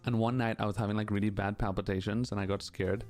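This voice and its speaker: A man with a lowish voice talks in loose, candid casual chat as a streamer answers questions from his chat. He rambles, restarts and fills his speech with "like" and "you know". Faint music plays behind him. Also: little pitch movement, quick pace, darkish tone.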